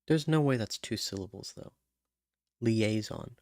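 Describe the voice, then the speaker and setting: Male songwriter, slow self-talk, trying rhymes under his breath, dry close recording. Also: lowish voice, a little mellow, no room sound. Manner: muttering, trying out rhymes and humming syllables. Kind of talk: thinking aloud while writing lyrics.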